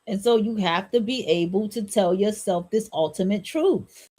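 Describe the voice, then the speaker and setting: A woman's voice: medium pitch, normal speed, warm tone. A woman hosting a solo podcast, talking in a blunt, repetitive, preachy and profane way. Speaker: podcast host.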